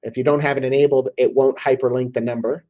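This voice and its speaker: Casual Southern man demoing software. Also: medium pitch, little pitch movement, fast. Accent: American Southern. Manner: casual, repeats "okay?" to check in. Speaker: software demo presenter. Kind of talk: screen-share tutorial walkthrough. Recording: slightly dull lo-fi audio.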